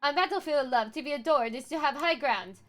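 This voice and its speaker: A woman's voice: high-pitched, fast, a bit bright, soft background music. A woman voicing a jovial, boastful male mercenary who speaks in broken grammar and refers to himself by name. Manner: jovial and swaggering.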